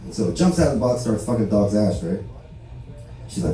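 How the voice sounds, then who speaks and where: At a barbershop comedy show, a Los Angeles stand-up comedian delivers a casual, profane set, telling stories and tagging lines with "right?". His voice is lowish, animated, fairly quick, and warm. The room is very echoey and the mic sits far away.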